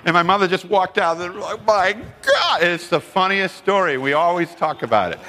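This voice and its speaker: Long hall reverb surrounds this recording of a man preaching to a seminar audience, with slight background noise. His voice sits high and moves a little fast as he tells stories and performs the quoted voices with animation.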